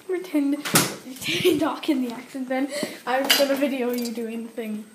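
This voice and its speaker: A woman's voice: high-pitched, moderate pace. A woman filming and working a puppet, giggly and eager, cutting in with instructions in casual chat. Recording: loud kitchen frying noise.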